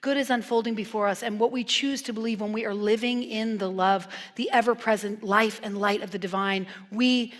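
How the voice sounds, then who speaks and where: Woman minister preaching casually, lively and joking then soft and earnest, big echoey church. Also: medium pitch, fairly quick, hardly any pauses. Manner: animated, playful storytelling with hushed earnest passages. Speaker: guest minister. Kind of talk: conversational sermon. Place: church sanctuary. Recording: long reverb from a church hall.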